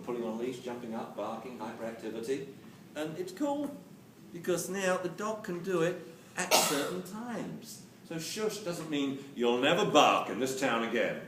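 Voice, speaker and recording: A man lectures an audience with animated, joking delivery and a voice that leaps up and down in pitch. He sounds distant, picked up from across a reverberant hall. A steady hiss sits under the recording. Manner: animated, jokey, acts out quotes. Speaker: dog training lecturer. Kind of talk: lively live lecture to an audience. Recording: roomy, distant camera mic with hiss.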